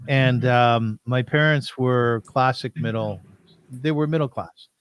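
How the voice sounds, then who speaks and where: A man's voice: mid-range voice, a little slow, clear, resonant tone, no echo. A man in his sixties hosting an interview, conversational and asking probing follow-up questions. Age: 60s. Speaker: podcast host.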